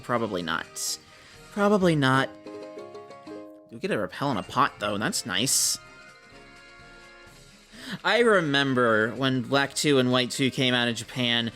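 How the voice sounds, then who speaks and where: A slightly hoarse young man from Minnesota, casually commenting on a game he plays and reading its dialogue aloud in playful voices. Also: mid-range voice, bright, forceful tone. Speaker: let's-play host.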